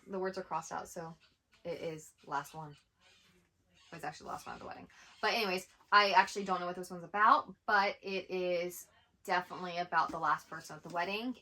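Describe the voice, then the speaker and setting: A woman's voice: lowish voice, sharp tone. A woman co-hosting a casual book haul chat with her sister, rambling and chatty, with lots of "like". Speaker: co-host of a twin sisters' book channel.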